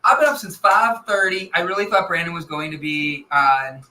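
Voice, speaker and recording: Bantering on a live show, this man jokes around, needles the host and wanders through comic stories. His a-little-high voice is sharp in tone at a normal speed, and he sounds far from the mic in an echoey room.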